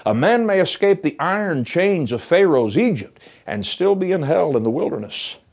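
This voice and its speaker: Lively, fervent male preacher. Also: a little high, moderate pace. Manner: preaching with rising emphasis and hushed drops; reads scripture in King James English. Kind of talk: sermon.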